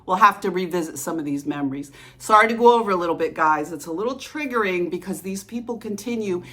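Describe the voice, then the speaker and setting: A woman's voice: fairly low pitch, animated, fast talker, pushed and bright. A woman talking in a casual vlog monologue, heated and confrontational, calling out absent people by name, with frequent fillers and restarts. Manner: repeats words and restarts with fillers. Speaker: vlogger.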